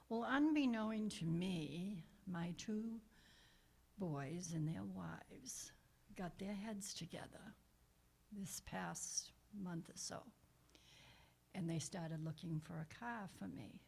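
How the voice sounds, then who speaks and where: An older woman, a guest minister, telling a personal story in a conversational sermon, with soft asides and frequent restarts. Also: medium pitch, slow, creaky, husky. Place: church.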